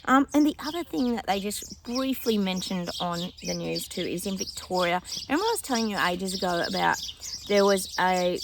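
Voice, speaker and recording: A middle-aged woman talking casually to her viewers from home, full of exclamations and scoffing asides. Her voice has a gravelly fry to it. A faint hiss sits under the recording. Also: mid-range voice, lively intonation, normal speed. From Australia. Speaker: psychic channel host. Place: home with dogs.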